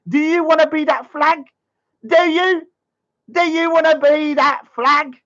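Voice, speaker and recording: A man's voice: extremely high pitch, fairly bright tone, highs cut off, pitched above the performer's own voice, heavily acted. A man voicing a boastful, taunting young man in a sing-song mocking voice.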